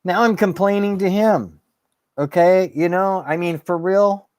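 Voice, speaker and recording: A man's voice: high voice, a little slow, no room sound, studio quality. A man hosting his own show, ranting in a fired-up, sarcastic way and swearing. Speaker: host. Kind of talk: ranting monologue.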